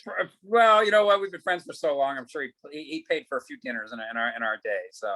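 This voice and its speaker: A man's voice: mid-range voice, sing-song, fast talker, sharp tone, rough recording. A middle-aged man, an actor, telling stories in a casual interview, acting out quoted dialogue and swearing casually. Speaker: actor guest.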